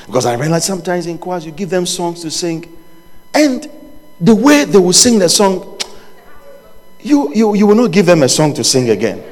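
A man preaching with a lively, swooping delivery in a slightly high register. He drops to near murmurs, then climbs to shouts, and breaks into laughter and jokes with his listeners. His voice rings out in a hall with a long reverb tail. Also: normal speed, long pauses. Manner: animated, rising to shouts and dropping low. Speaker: pastor. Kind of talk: sermon.

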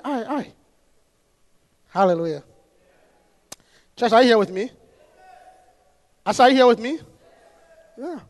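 A man preaching a sermon as pastor, repeating phrases, calling out to the congregation and rising to impassioned shouts. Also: very high voice. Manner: repetitive, call-and-response preaching.

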